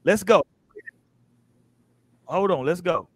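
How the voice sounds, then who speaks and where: A man's voice: high voice, takes it slowly, dry recording. An American man hosting a casual panel podcast, telling stories with lots of acted-out quotes. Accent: American English. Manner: animated storytelling, acts out quotes. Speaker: podcast host.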